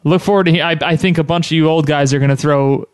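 A man's voice: fairly high pitch, steady tone, fast talker, clear, resonant tone, dry recording, clean studio sound. A man hosting a podcast, chatting casually and enthusiastically in loose, rambling phrases. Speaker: podcast host. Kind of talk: casual chat.

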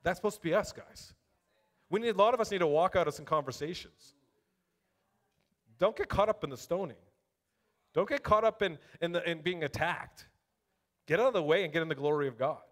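A male preacher with a high voice who preaches in a loose, chatty way, calling out to the congregation. He breaks off to read scripture aloud, building up emphasis as he reads. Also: fairly quick, long pauses. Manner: animated, conversational, addresses congregation directly. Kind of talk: sermon.

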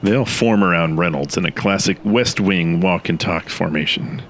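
A man narrating a comedic audio drama in a dry, deadpan style. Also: sits low, normal speed, a little hiss or hum.

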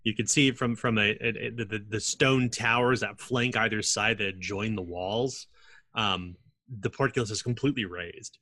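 A man narrates as game master of a tabletop game. His voice sits a little low, and it is recorded dry and close. He builds each scene slowly, with plenty of ums and restarts. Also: pushed and bright, no room sound. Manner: descriptive, halting with many fillers.

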